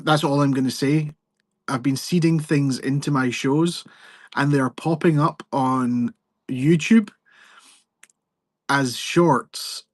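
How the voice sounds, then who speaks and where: In a dry, studio-quality recording, a man with a medium-pitched voice runs a sales livestream, keeping the chat casual as he jokes, rambles and breaks off mid-thought.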